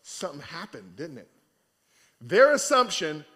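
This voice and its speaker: Lively high-voiced male preacher. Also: unhurried. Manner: animated, colloquial preaching. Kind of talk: conversational sermon.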